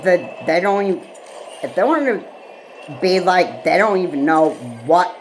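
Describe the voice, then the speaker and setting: A woman vlogger in a rambling solo rant, halting and repetitive, with frequent pauses and fillers. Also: fairly low pitch, slight background noise, rough recording.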